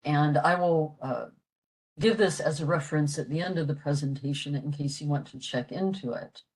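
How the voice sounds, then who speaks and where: An older woman explaining a language lesson for a library talk, halting with many fillers. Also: low-pitched, a little mellow, slightly rough, low-quality recording. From western Pennsylvania, USA. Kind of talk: explaining a lecture.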